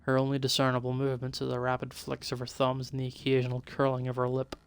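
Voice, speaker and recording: A man's voice: medium pitch, monotone, fast talker, clear, resonant tone. A man streaming, reading a visual novel aloud in a plain, easy voice. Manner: reads narration and the hero's lines in a plain, easy voice.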